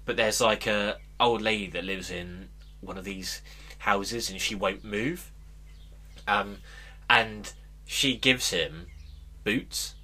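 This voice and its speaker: A man's voice: on the low side, slow, pauses often, pushed and bright. A man co-hosting a casual podcast, retelling a film plot in a rambling way and acting out the quotes. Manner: rambling storyteller, acts out quotes. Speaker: podcast co-host. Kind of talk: casual chat.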